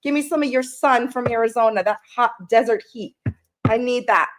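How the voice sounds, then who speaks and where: Lady doing a tarot live, kinda high voice, chatty and sweet-talking the chat. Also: normal speed, noisy background. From Canada. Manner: chatty, greets viewers with pet names. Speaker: tarot reader hosting a live stream. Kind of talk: casual live-stream tarot reading.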